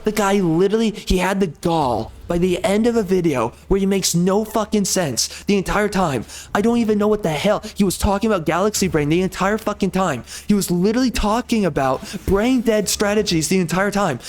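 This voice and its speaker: High-voiced man in an angry, profane rant. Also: darkish tone. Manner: furious, swearing constantly, repetitive; mocks others in a put-on sugary tone. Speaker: gaming streamer.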